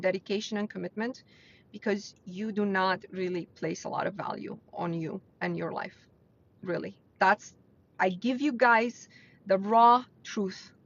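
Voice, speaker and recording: Speaking at a medium pitch with slight background noise, a woman hosts her weekly live mindset stream. She addresses viewers bluntly and earnestly, raising her voice to stress points, and the livestream audio sounds dull and lo-fi.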